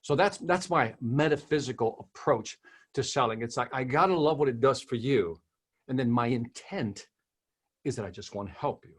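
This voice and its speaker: A man guesting on an interview, talking through his approach to selling with emphatic repetition and rhetorical questions. His voice has a husky, slightly rough edge. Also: medium pitch, normal speed. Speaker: sales trainer guest. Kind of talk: interview conversation.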